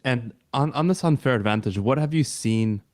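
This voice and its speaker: A man's voice: medium pitch, moderate pace, no room sound. A man hosting a podcast interview, asking his questions in a casual, hesitant way with plenty of fillers. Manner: hesitant, many fillers and restarts. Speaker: podcast host.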